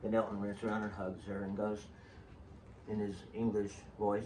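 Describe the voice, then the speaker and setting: In a mellow, fairly low voice with a level tone, a show host spins casual, rambling stories at a moderate pace, drifting off on tangents and joking with his audience. A faint hiss sits behind the distant-sounding mic.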